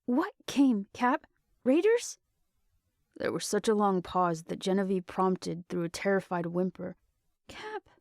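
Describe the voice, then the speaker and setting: A woman voicing a fierce young female soldier leader who shouts in frantic urgency in a storybook reading. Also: medium pitch, lively intonation, a little slow, creaky, no room sound, studio quality.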